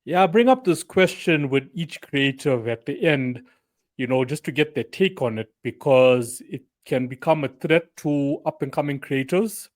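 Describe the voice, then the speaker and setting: A man's voice: a little high, animated, moderate pace. A man hosting an interview who talks in a chatty way, leaning on fillers like "you know.". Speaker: interview host. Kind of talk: casual interview talk.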